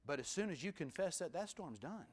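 High-voiced preaching pastor man. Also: animated, brisk. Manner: preaching with sudden swings from loud to hushed; repetitive, rhythmic emphasis. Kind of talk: sermon.

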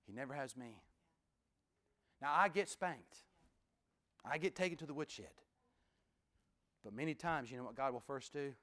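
A man preaching a sermon in a folksy, conversational way, swinging from loud emphatic bursts to hushed near-whispers. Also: mid-range voice, animated, normal speed, long pauses. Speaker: pastor.

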